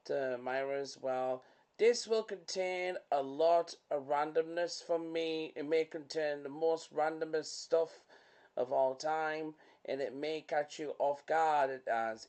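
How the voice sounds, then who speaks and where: Male podcast host, rambling and excitable, loose jokey chat. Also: on the high side. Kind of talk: casual chat.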